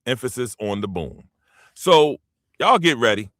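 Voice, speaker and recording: A man's voice: mid-range voice, a little slow, dry recording, studio quality. A man from the United States hosting his own show, rambling through casual opinion commentary and talking straight to his listeners. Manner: animated, rambling, emphatic, addresses listeners directly. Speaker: show host.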